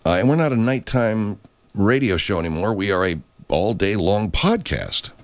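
A man's voice: on the low side, animated, normal speed. A middle-aged man hosting a podcast, musing in a casual, rambling monologue full of swearing and restarts. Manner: rambling, profane, many restarts. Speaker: podcast host.

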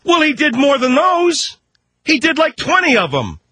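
A man's voice: very high voice, wildly swooping pitch, normal speed, sharp tone, dry recording. A middle-aged man hosting a comedy radio show, joking wryly and bickering with exasperation. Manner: wry, exasperated banter.

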